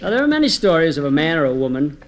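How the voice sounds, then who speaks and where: A man's voice: fairly high pitch, very animated, racing, crowd noise. A man telling folksy jokes on a comedy record, chatty and homespun, speaking straight to his listeners. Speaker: comedy storyteller.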